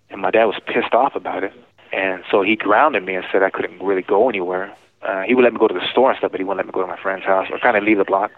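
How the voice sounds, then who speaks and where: A man speaks quickly and hesitantly, often restarting his sentences as he recounts his past. His voice sits fairly low and comes through a thin, tinny prison phone line. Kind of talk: phone interview.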